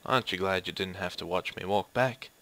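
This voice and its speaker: A man's voice: low-pitched, pushed and bright. A young man giving casual, joking commentary while playing a horror game, swearing now and then. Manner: joking, swearing, slow-paced. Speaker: let's play gamer.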